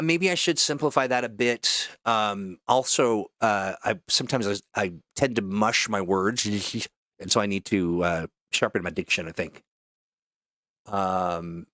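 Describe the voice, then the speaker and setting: Joking low-voiced male voice-over host. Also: fairly bright tone, dry recording, clean studio sound. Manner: joking, self-mocking, many fillers. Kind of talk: casual livestream chat between voice-over takes.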